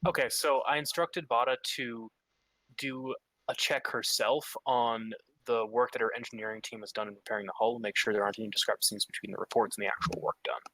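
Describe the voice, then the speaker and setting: A man's voice: mid-range voice, steady tone, a little fast, sharp tone, no room sound. A man playing an online tabletop game, making brief, offhand suggestions in casual chat. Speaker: player.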